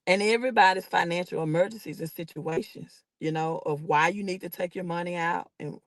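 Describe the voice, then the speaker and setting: A woman's voice: medium pitch, dry recording. A middle-aged woman with a Southern accent, hosting a live stream on a phone and giving emphatic, preachy financial advice straight to her viewers. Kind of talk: casual livestream talk.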